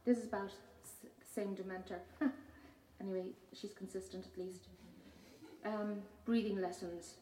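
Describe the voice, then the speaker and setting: A woman, a poet giving a measured reading of her own poems with hesitant spoken asides between them. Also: mid-range voice, steady tone, dark tone, slight background noise. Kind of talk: poetry reading. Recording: roomy hall from far off.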